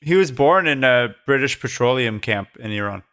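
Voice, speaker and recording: A man's voice: mid-range voice, expressive, normal speed, fairly bright tone. A man co-hosting a podcast, casually chatting, mostly agreeing and adding facts he has looked up. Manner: brief agreeing interjections, adds facts. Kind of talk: casual film discussion.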